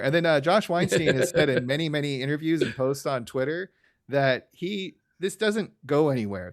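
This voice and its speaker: A man hosting a casual podcast, recapping a cartoon episode with animated delivery and quick impressions of lines. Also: medium pitch. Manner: animated, often acts out quoted cartoon lines. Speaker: podcast host.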